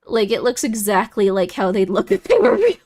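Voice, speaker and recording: A woman's voice: mid-range voice, sing-song, a little fast, darkish tone. A young woman streaming and chatting casually with viewers, giggly and easily moved, with lots of fillers.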